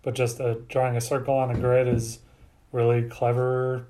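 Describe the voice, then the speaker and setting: A man with a dark, mellow voice picks apart a film's logic at length, wandering through his thoughts and swearing casually. His pitch is ordinary for a man, and he talks like a podcast co-host among friends. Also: monotone, moderate pace. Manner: rambling and analytical, loose with swearing. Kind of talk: casual movie review chat.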